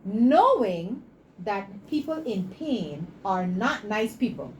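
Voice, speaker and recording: A woman, a guest in an interview, telling stories and making her pitch with preachy passion. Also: sing-song, takes it slowly, darkish tone, slight background noise, poor audio. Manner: passionate, preachy, acts out dialogue. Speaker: entrepreneur guest.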